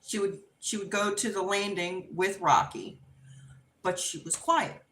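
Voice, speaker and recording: A middle-aged woman hosts a relaxed livestream, talking at a slow, unhurried pace. She tells a story in a chatty way, laughs often, and becomes expressive whenever she acts out what people said. Her voice sits at an ordinary, mid pitch. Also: reverberant, slight background noise. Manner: chatty, unhurried anecdote telling with frequent laughs; animated and expressive when acting out quotes. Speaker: livestream host. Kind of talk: casual storytelling while crafting.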